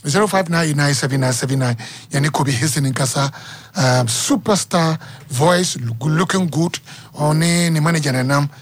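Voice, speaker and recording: Ghanaian male sports radio host, upbeat call-in banter, higher voice, dry studio sound. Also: normal speed, husky, dry recording. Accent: Ghanaian English. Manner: energetic, repeats phone number, chatty.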